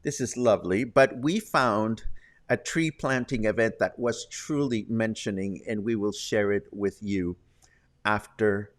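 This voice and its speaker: A man's voice: fairly low pitch, measured pace. Chatty man hosting a local news roundup. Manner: chatty, wry asides. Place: Puerto Vallarta, Mexico.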